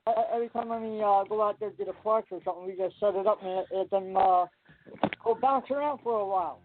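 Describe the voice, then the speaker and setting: A man in his fifties calling in to a radio show, talking in a halting way that trips over his words. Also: sits high, noisy background. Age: 50s. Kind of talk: casual radio banter. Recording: tinny phone-like line with faint music.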